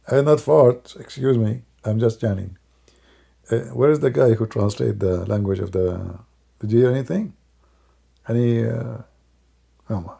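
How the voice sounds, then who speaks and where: Gravelly, husky man mocking sarcastically. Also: medium pitch, warm tone. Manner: mocking, sarcastic, non-native English grammar. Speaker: online religious commentator. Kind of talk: live-stream commentary.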